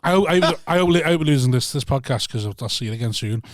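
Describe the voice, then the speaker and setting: A man's voice: mid-range voice, animated, racing, dry recording, clean studio sound. A man, co-hosting a podcast and telling sweary, rambling stories. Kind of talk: casual banter.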